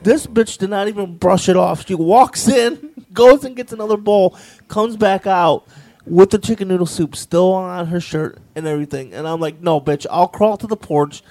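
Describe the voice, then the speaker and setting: A man's voice: high-pitched, moderate pace, no echo. A man telling a funny family story in casual, profane chat, acting out the people in it. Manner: profane, animated, quotes people in raised voices.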